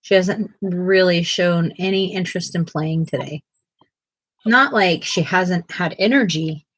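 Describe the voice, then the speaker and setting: A woman's voice: on the low side, a little slow, slightly rough, no room sound, rough recording. A woman co-hosting a casual art livestream, chatting in a self-deprecating way and laughing often, and now and then cooing to her pet. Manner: cooing baby talk to a pet.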